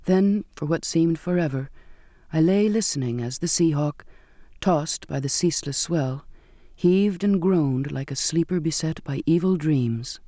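A man reading first-person audiobook narration with an even storytelling delivery. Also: a little high, measured pace, dry recording, clean studio sound.

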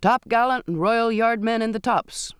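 An unsmiling, dutiful second mate, voiced by a man narrating calls out terse orders with a raised, forceful voice. He stays curt and businesslike, and the audiobook sound is dry and close. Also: extremely high pitch, normal speed, clear, resonant tone, no room sound, voice pushed up. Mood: bellowing orders. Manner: terse, deferential to superiors, barks orders.

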